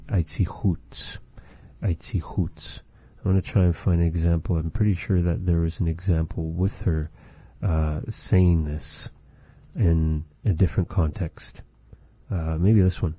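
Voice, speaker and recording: A man with a low, dark voice gives a language lesson at an unhurried pace. He speaks in a measured way and repeats each phrase so it can be copied. The sound is dry and close. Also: flat delivery, breathy edge, dry recording. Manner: measured, repeats phrases slowly to model them. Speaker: language teacher.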